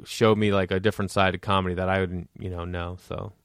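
A man's voice: sits low, fast, clean tone, no echo, clean studio sound. A man, a stand-up comedian, telling stories in casual podcast chat and acting out the voices of people he quotes. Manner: animated, acts out quoted voices.

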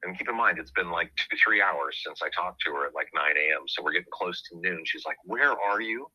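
A man's voice: deep voice, a little fast, sharp tone, husky, no room sound, dull audio. A man hosting a podcast, telling a personal story in an earnest, reflective way. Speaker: podcast host.

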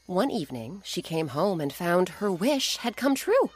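A woman hosting a kids' story podcast, narrating a folk tale in a lively, expressive scripted way. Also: on the low side, a little slow. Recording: music playing under the voice.

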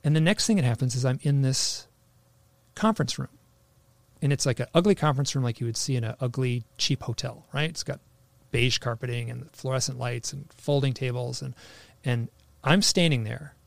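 A man recounts a personal experience in a casual, rambling way, leaning on "like" and restarting his sentences. His voice has a gravelly, fry-edged texture at an ordinary pitch. The recording is dry and close, with no room sound. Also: normal speed, no echo. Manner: rambling, full of "like" fillers and restarts. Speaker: interview guest.

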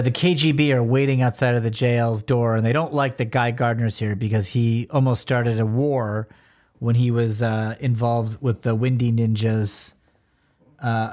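Man, podcast co-host, casual comic chat, relaxed, playful. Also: mid-range voice. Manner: relaxed, chatty, reads comic dialogue aloud in playful voices. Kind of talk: casual comic book discussion.

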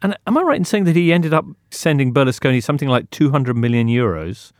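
Mid-pitched man steering a podcast. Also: big pitch swings. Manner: steers the talk, measured and precise. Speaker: podcast host. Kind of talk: casual chat.

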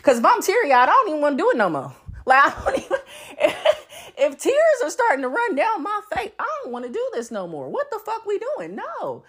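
A woman's voice: sits high, brisk. A woman hosting a casual podcast monologue, blunt and profane, laughing often as she talks. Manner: animated, swooping delivery. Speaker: podcast host.

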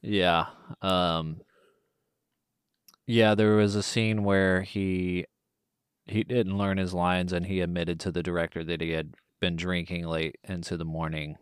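Man, deep smooth voice, unhurried, dry close sound, podcast co-host. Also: dry recording. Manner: relaxed, drawn-out delivery with frequent ums. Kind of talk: casual film-review chat.

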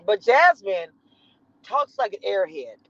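A woman's voice: medium pitch, slow, no room sound. Sassy Southern woman livestreaming from her car. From Southern United States. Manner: animated, sassy, laughing. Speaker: livestream host. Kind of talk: casual livestream chat. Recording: dull lo-fi livestream audio.

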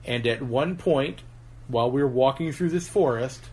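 A man's voice: mid-range voice, moderate pace, a little mellow. A man co-hosting a podcast, winding through stories in loose casual chat. He pads his talk with fillers and laughs as he goes. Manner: rambling storyteller, laughs often, many fillers. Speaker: podcast co-host.

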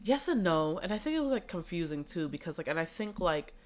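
A woman guesting on a podcast, chatting casually and telling lively stories in which she acts out other people's voices. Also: lowish voice, a little fast. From grew up in the US.

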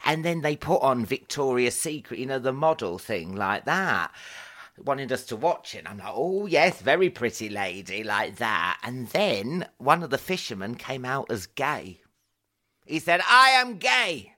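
Bright-voiced man hosting a chatty podcast. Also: medium pitch, very animated. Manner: chatty anecdotes, quick laughs. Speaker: podcast host. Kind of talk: casual chat.

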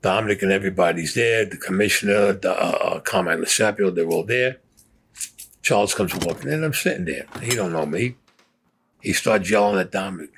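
A man's voice: sits low, fairly quick, fairly bright tone, breathy edge, low-quality recording. A man bluntly recounting his own past in a casual, profane storytelling style, often acting out what was said. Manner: blunt, profane, acts out quotes.

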